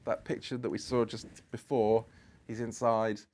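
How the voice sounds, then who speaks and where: A man's voice: lowish voice, flat delivery, moderate pace, darkish tone. A British man telling stories as a guest on a podcast, rambling along with lots of fillers and restarts. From Britain. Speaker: guest photographer. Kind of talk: anecdotal podcast storytelling.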